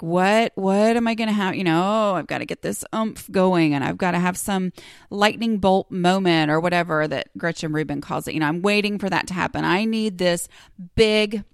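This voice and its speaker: A woman's voice: mid-range voice, fairly bright tone, no echo, studio quality. A woman in her forties hosting a podcast, talking in a chatty, self-deprecating confessional way with many ums and asides. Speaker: podcast host. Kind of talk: casual confessional monologue.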